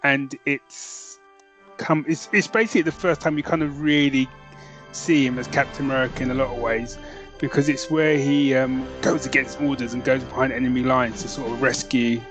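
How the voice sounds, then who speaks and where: A man's voice: mid-range voice, fairly even intonation, normal speed, fairly bright tone, soft background music. North London man, rambling podcast chat. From North London, England. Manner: rambling, enthusiastic, many fillers and restarts. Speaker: podcast co-host. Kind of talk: casual chat.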